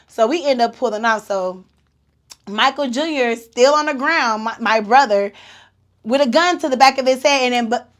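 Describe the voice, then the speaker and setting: Animated high-voiced woman telling a story. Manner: animated, slangy storytelling with laughs and quoted voices. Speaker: podcast host. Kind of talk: casual storytelling.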